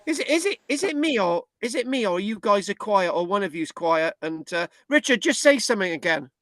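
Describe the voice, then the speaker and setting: A British man with a high, light voice runs a casual online history class. He talks in a chatty, halting way, restarting his sentences over a video call, and the sound is dry and close. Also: expressive, fairly bright tone, no echo. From Britain. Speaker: history class tutor and host.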